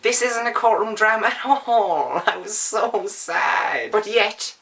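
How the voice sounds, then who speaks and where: A young man chatting through his monthly book reviews with a sharp, bright tone. He swings between dry sarcasm and mock outrage, standing up at home as he talks. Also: high voice, slow pace, gravelly. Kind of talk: casual book review vlog.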